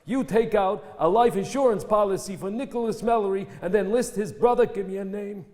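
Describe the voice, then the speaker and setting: An actor playing a scheming crime boss who gives cold, clipped orders in a stage play reading. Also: male voice, high-pitched, fairly quick, darkish tone, lightly acted. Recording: reverberant theatre recording.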